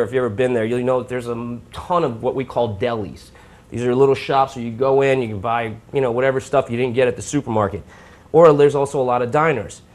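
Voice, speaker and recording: A man's voice: medium pitch, a little mellow. A man from New York hosting a live cooking show, chatting informally while he cooks. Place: home kitchen.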